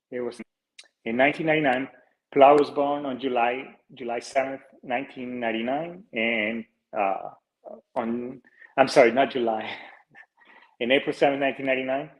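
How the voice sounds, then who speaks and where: With a mid-range voice, a Colombian-born man in his forties runs a podcast, rambling casually yet earnestly. He uses lots of fillers, restarts sentences and swears casually. The recording is rough.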